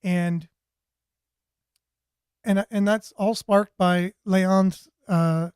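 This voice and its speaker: Male host, higher voice, dry close sound, rambling and repeating himself while reading viewer comments. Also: steady tone, drawn-out words, darkish tone, clean tone, no room sound. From Canada. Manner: rambling, repeats words and restarts. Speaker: talk show host.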